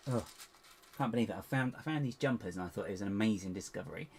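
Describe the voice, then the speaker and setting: A man chatting to viewers in a casual building vlog, rambling to himself with playful squeaky exclamations. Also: lively intonation, fast talker, creaky, darkish tone, slightly rough. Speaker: LEGO builder and channel host.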